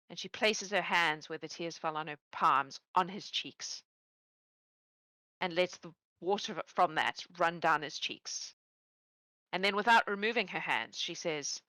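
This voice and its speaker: Woman gm narrating a tabletop game, lowish voice, slow and playful. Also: no room sound, rough recording. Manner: relaxed, playful storytelling with laughs. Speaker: game master.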